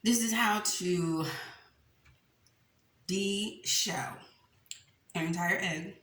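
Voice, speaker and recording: Eating on camera, this young mukbang host keeps up a casual, animated chat, laughing frequently and calling her audience y'all. Her pitch is fairly low and she draws her words out. Faint noise and echo fill the room.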